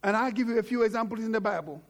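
A man's voice: high-pitched, very fast. A man preaching a sermon, fervent and exhorting, repeating phrases to drive points home. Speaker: pastor.

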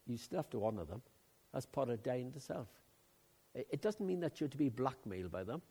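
Emphatic older Welsh preacher. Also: male voice, mid-range voice, very animated, brisk, breathy edge. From Wales. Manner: emphatic, swings between loud outbursts and quiet asides. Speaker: pastor. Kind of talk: sermon.

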